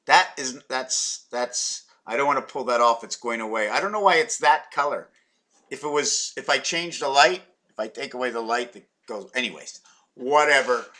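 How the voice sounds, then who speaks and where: A man's voice: mid-range voice, lively intonation, normal speed, bright, forceful tone. A man from Quebec, Canada, talking in a meandering, playful vlog monologue full of wordplay and muttered asides. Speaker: vlogger.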